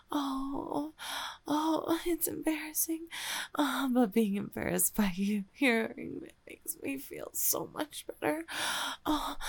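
Whispered role-play: actress as a flustered young woman gamer, airy and slow, fairly high, dry close sound. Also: no echo, exaggerated voice. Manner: breathy, sighing, halting, flustered. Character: shy young woman gamer confessing her feelings. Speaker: audio role-play performer.

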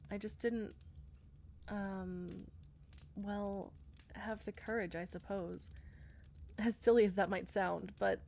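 A woman voicing a shy, war-weary female knight commander in an audio role-play, speaking hesitantly with soft fillers. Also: medium pitch, slight background noise, natural voice.

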